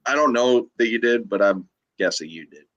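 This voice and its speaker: A man's voice: mid-range voice, animated, fairly quick, a bit bright, dry recording, dull audio. A man co-hosting a live sports betting show, teasing his co-hosts with profane banter and frequent laughs. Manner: teasing, laughs often, swears freely.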